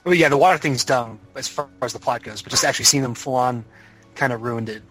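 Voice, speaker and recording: A man with an ordinary middle-pitched voice, thinking aloud in a measured way and hedging his points. Faint music runs behind him. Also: fairly bright tone. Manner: measured, hedging, many "you know" fillers. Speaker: podcast co-host. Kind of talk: casual chat.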